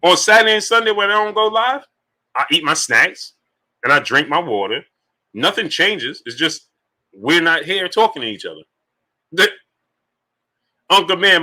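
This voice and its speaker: A man hosts a live boxing stream, greeting chatters by name and pressing his argument with emphatic, repeated questions. His voice is very bright and keen, pitched a little higher than most men's, and his delivery is lively. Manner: animated, repetitive, emphatic rhetorical questions. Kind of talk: live-stream commentary reading super chats.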